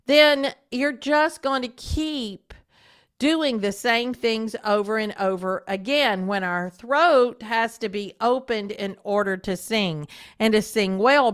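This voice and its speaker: This woman teaches voice and hosts a podcast, and her medium-pitched, clean-toned voice guides listeners through a steady instructional monologue. She often addresses them with direct questions.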